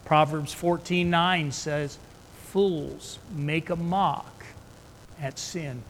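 A man preaching in a church, his voice high and unhurried, leaning hard on key words as he reads scripture. The sound rings with a long hall reverb over a faint hiss of background noise. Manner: slow, emphatic Bible reading that rises into loud fervor. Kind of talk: sermon.

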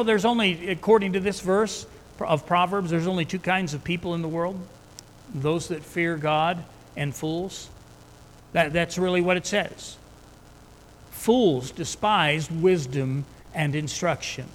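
Slow high-voiced preacher in echoing hall. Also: male voice. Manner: slow, emphatic Bible reading that rises into loud fervor. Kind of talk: sermon. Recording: reverberant hall with faint background noise.

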